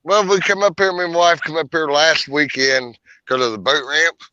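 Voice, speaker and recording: A man's voice: on the high side, fairly even intonation, normal speed, bright, forceful tone, no echo. A man joining a livestream as a guest, jovial and joking. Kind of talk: casual chat. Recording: dull lo-fi stream audio.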